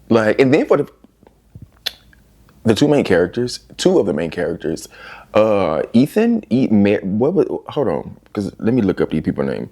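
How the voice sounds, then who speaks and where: A young man reviewing books in a casual vlog, animated and exasperated, swearing freely as he rants. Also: lowish voice. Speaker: book reviewer.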